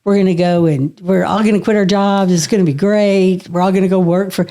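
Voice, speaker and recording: A woman's voice: mid-range voice, brisk. Middle-aged woman telling a story with laughs. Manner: lively anecdotal storyteller, laughing often and swearing. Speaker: podcast guest. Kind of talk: casual storytelling.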